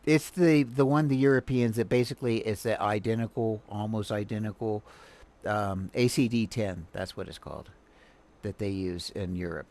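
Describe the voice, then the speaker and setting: A man's voice: lowish voice, normal speed, a little mellow. An American man hosting a livestream, giving casual, rambling commentary full of fillers and restarts. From United States. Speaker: livestream host reacting to a video.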